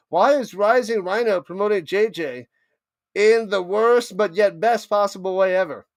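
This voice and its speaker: A man with a high, bright voice calling football plays live on his stream, loose and playful, tripping over the names as he goes. The sound is close and dry, with no room around it. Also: a little slow, no echo. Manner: animated, joking, stumbles over names. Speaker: play-by-play streamer. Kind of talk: live play-by-play commentary and banter.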